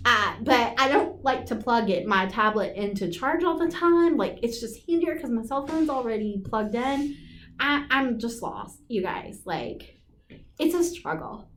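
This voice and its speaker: A woman's voice: fairly high pitch, a little slow, fairly bright tone, a little hiss or hum. A woman in her thirties co-hosting a casual chat, talkative and self-deprecating with lots of fillers. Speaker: podcast co-host.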